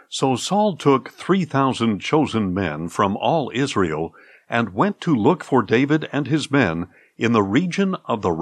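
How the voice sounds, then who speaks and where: A man reads scripture aloud in an unhurried, solemn way. His pitch rises and falls freely as he goes, and the dry recording keeps him close to the ear. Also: no room sound. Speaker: Bible reader.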